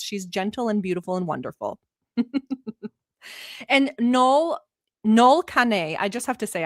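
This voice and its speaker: A woman's voice: medium pitch, no echo, clean studio sound. A woman from the Middle East, whose first language is not English, hosting a casual livestream from home. She is giddy and silly, reads chat comments aloud, and swears freely. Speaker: livestream host.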